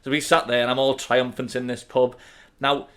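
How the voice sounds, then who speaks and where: A man's voice: mid-range voice, flat delivery, normal speed, a bit bright. A man in his thirties with a Liverpool accent, co-hosting a podcast and telling a story with lots of laughter. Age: 30s. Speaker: podcast co-host. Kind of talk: casual storytelling chat.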